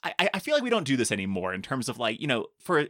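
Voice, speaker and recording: Lively, chatty podcast co-host. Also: mid-range voice, very fast, no room sound, studio quality. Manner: chatty, jokey, many restarts and "like". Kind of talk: casual film podcast chat.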